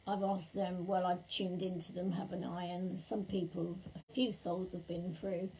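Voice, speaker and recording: A woman, a psychic medium, chatting warmly with viewers during a livestream reading while her throat is sore and scratchy. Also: on the low side, flat delivery, moderate pace, creaky. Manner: chatty and affectionate, calls viewers lovely and darling. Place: at home.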